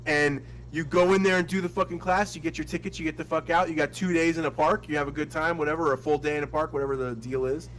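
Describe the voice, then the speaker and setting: A man co-hosting a podcast, swearing casually and telling animated stories. His voice sits a little higher than most men's. A faint hum runs under the recording. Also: fast talker, hardly any pauses, low-quality recording. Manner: animated, profane storyteller who acts out funny voices. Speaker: podcast co-host.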